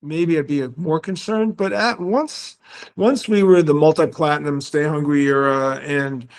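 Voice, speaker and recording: A man, telling animated stories as a podcast guest, acting out voices and swearing freely. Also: a little high, a little slow. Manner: animated storyteller, acts out quotes, swears freely. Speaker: guest musician. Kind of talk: casual storytelling interview.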